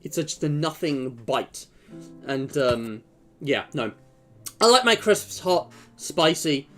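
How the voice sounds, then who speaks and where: Chatty young male streamer, fairly high voice. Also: animated, slow pace, a bit bright, soft background music. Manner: rambling and joking, many fillers. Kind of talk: casual chat.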